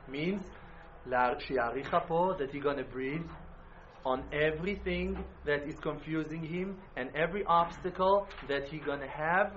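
Man, emphatic religious teacher; high-pitched, faint background noise on a muffled recording. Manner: emphatic, swings from loud exclamations to quiet intensity. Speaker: Breslov Hasidic teacher. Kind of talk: impassioned religious talk.

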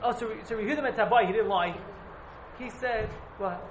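A man's voice: sits high, fairly quick, slight background noise. A man teaching a casual Talmud class to a few students, rambling and repeating himself as he explains. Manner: rambling, repeats and hedges often. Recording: echoey room.

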